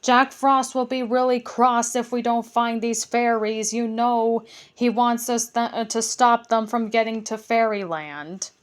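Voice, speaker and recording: A woman voicing gruff, rude goblins who squabble and snap at each other in a storybook reading. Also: on the high side, fairly even intonation, measured pace, natural voice. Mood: grumbling. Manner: gruff, snapping, shouting.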